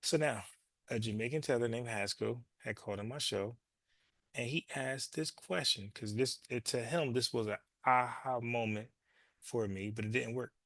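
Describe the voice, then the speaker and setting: Gravelly man hosting a commentary show. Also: mid-range voice, moderate pace, a bit bright, dry recording. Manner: loose, profane, repeats words as he goes. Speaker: show host. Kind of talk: casual commentary monologue.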